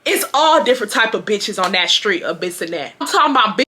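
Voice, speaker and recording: A young woman, telling a storytime to her viewers in an animated, slangy way, full of asides and restarts. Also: mid-range voice, quick pace, slight background noise. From Houston, Texas. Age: 20s. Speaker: storytime vlogger. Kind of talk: casual storytime.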